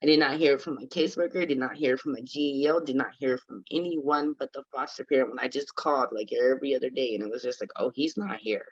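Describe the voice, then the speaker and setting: A woman's voice: extremely low pitch, fast, few pauses, breathy edge. Young colorado woman talking earnestly, lots of like and you know, kinda muffled audio, no room echo. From Colorado, USA. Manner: earnest, conversational, many "like" and "you know" fillers. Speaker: guest, former foster youth. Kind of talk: casual personal storytelling.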